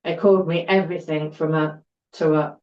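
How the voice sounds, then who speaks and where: A woman's voice: low voice, fairly even intonation, a little fast, darkish tone. A middle-aged woman, a podcast guest telling her personal story in an earnest way and repeating words for emphasis. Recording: roomy, dull-sounding recording.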